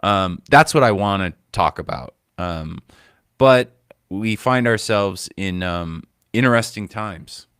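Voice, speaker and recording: Low smooth-voiced comedian host. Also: male voice, takes it slowly, a bit bright, no room sound, clean studio sound. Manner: loose, rambling, swearing, with many fillers. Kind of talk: casual commentary on clips.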